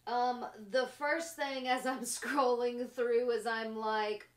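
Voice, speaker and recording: A woman talks in a very slow, drawn-out way, musing in short fragments and laughing softly between her thoughts. Her voice sits at an ordinary pitch and carries the echo of a bare room. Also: level tone. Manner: slow, musing, trailing phrases with frequent laughs. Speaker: podcast host. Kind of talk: reflective spiritual monologue.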